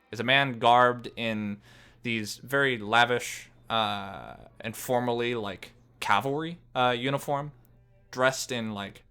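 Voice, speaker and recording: A man's voice: medium pitch, bright, forceful tone, clean tone. A man narrating a tabletop game as game master, rambling with fillers and restarts as he describes scenes.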